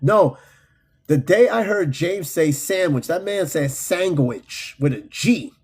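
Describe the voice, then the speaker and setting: Husky man in loose, profane podcast chat. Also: on the high side, measured pace. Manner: loose, profane, animated storytelling. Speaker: podcast host reading chat comments. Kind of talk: casual unscripted chat.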